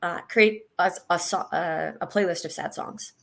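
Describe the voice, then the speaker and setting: Low, gravelly-voiced woman sharing a personal story. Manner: halting, many restarts, animated when reliving moments. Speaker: guest, senior leader. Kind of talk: candid personal interview.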